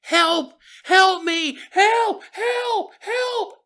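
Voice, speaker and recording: A man's voice: very high voice, extremely slow, pushed and bright, pitched above the performer's own voice, full character voice. A man acting out a panicked young man who is carried off into the night sky and screams for help. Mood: panicked screaming.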